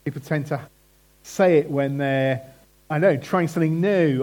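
A man's voice: a little high, a little slow, a little mellow, rough recording. A man preaching a conversational sermon and putting questions to the congregation. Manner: chatty, asks the congregation questions.

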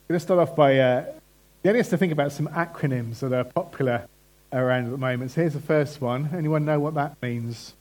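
A man's voice: fairly high pitch, brisk, a little mellow, poor audio. A man preaching a conversational sermon and putting questions to the congregation. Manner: chatty, asks the congregation questions.

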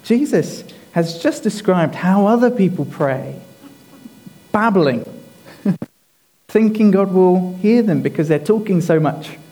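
Slow, mellow-voiced male preacher. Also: high voice, lively intonation, rough recording. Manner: deliberate, emphatic, repeats key phrases. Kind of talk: sermon.

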